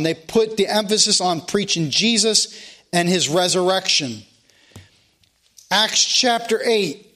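A man's voice: high-pitched, a bit bright. A man preaching a sermon, calling out scripture references again and again and asking rhetorical questions. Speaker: pastor.

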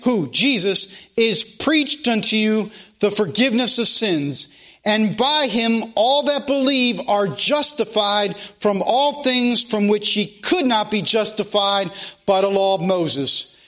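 High voiced preacher guy, emphatic, keeps repeating verses and asking questions. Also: unhurried, pushed and bright. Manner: repeats scripture references, emphatic, rhetorical questions. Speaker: pastor. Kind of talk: sermon.

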